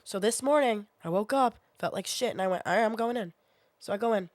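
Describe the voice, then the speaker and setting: Fighting a sinus infection, a woman in her twenties rambles through a story for her live chat, animated and cursing freely. She talks fairly quickly at a medium pitch, and the recording is dry.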